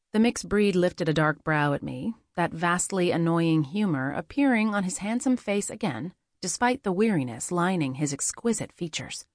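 A woman reading a first-person fantasy audiobook, measured and quietly expressive. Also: fairly low pitch, no echo, clean studio sound. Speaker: audiobook narrator.

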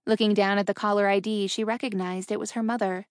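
A woman reads a novel aloud in steady, measured narration. Her pitch sits in the middle, and the recording is close and dry. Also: no room sound. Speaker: audiobook narrator. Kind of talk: scripted audiobook narration.

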